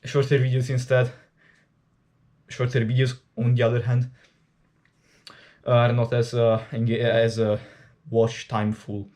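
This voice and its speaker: A man's voice: medium pitch, monotone, a little slow, pauses often, a little mellow. An Italian man, a native Italian speaker, chatting casually and candidly to camera during his workout, rambling and swearing freely. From Italy. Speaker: fitness vlogger.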